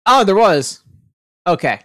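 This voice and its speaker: A woman streamer reading a video game's text aloud in a plain, low-key way, adding small asides as she plays. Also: very animated, takes it slowly, fairly bright tone, no room sound, clean studio sound. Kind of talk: reading game dialogue aloud while playing. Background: game music.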